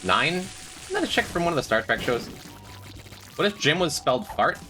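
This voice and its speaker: With music underneath, this young man speaks in a fairly high, very animated voice at a moderate pace. He plays a game on stream, cracking jokes, reading his chat and talking back to it casually.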